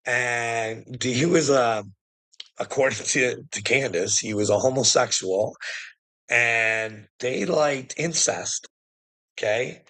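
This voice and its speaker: A man delivers a rambling, sardonic conspiracy monologue in a casual style, laughing often and swearing along the way. His medium-pitched voice is slow, bright, and forceful, on a low-quality recording.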